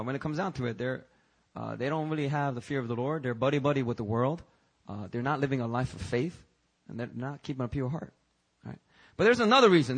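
A man preaching a church sermon in a conversational, emphatic way, with fillers and restarts and swings between loud highs and quiet lows. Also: poor audio. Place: church service.

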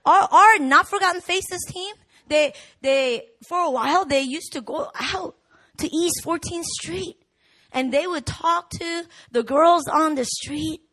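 A woman pastor preaching a sermon, animated and rising to shouts in the swells of her message. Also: very high voice, unhurried. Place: church hall.

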